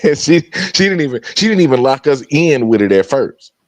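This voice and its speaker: A man's voice: medium pitch, sing-song, moderate pace, dry recording. A man in casual conversation, blunt and sardonic, chuckling as he makes his points. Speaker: co-host. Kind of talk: casual chat.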